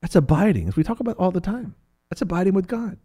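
A man teaching from the Bible in a preaching talk, animated and playful, acting out voices of biblical figures. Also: sits high, quick pace, husky.

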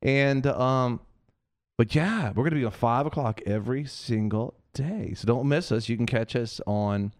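A man's voice: medium pitch, normal speed, no echo, clean studio sound. A man hosting a Christian talk show, preaching earnestly and repeating phrases for emphasis. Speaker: host of a Christian TV and radio show.

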